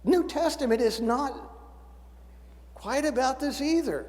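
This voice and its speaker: A man in his seventies preaches a sermon in a church sanctuary, folksy and full of stories with dry humor, the room giving a long reverb. His voice is very high-pitched, a little slow, and somewhat dark in tone.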